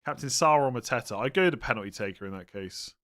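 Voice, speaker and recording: A man's voice: mid-range voice, animated, fast, a bit bright. A man hosting a casual live stream, answering viewer questions in a chatty, rambling way, sounding tired and often breaking off mid-sentence. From England. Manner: chatty, rambling, self-interrupting, tired and yawning.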